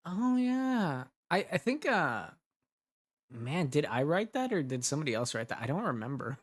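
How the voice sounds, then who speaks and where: A man's voice: a little high, sing-song, moderate pace. Giggly rambling young man chatting. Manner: rambling, giggly, self-interrupting. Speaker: audio drama creator. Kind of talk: casual chat brainstorming ideas.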